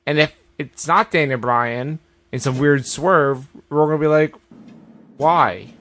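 A man co-hosting a casual wrestling podcast, riffing quickly and sounding exasperated. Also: on the high side, a bit bright, no echo. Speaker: podcast co-host.

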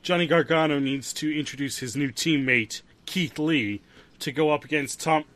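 A man with a slightly high, bright, forceful voice chats casually. He leans into sarcastic jokes. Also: normal speed. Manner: sarcastic, joking. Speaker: podcast co-host. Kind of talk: casual chat.

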